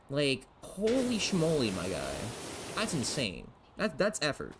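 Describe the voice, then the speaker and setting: A young man streaming a game, muttering to himself, swearing casually and jumping into squeaky outbursts. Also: takes it slowly. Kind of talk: casual gameplay commentary. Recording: steady background hiss.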